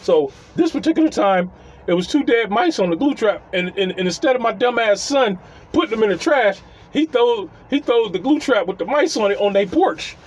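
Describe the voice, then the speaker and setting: A man's voice: sits high, animated, normal speed. A man, a landlord, telling a funny story about his tenants in a casual style. He laughs often and keeps acting out what people said. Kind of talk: comedic storytelling.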